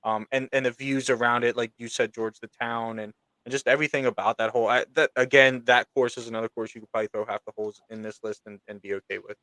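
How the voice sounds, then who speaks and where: A man co-hosting a sports podcast, talking through his picks in an unhurried way with lots of fillers. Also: medium pitch, no echo, rough recording. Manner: even, unhurried, lots of ums and likes. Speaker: podcast co-host. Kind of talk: casual sports podcast talk.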